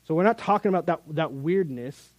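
A man's voice: fairly high pitch, animated, fairly quick, darkish tone, no room sound, lo-fi sound. A middle-aged man preaching a sermon as a youth Bible teacher, earnest and conversational, with sudden emphatic rises.

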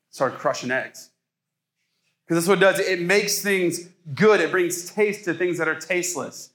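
A man's voice: sits high, normal speed, a bit bright. A man in his thirties from Ohio, preaching a casual sermon as a pastor and joking with the congregation.

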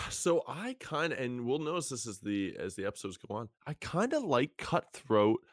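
A young man co-hosting a podcast, chatting casually about a TV show, talkative and quick to laugh. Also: mid-range voice, very animated, no room sound, studio quality. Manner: chatty, laughs often, trails into restarts. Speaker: podcast co-host. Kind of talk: casual chat recapping a TV show.

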